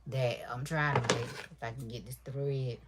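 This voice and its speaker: A woman chatting casually to her livestream viewers while sewing, deliberately keeping her voice quiet and soft, calling them y'all and baby. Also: steady tone, very noisy. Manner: talks low and soft on purpose. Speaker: livestream crafter.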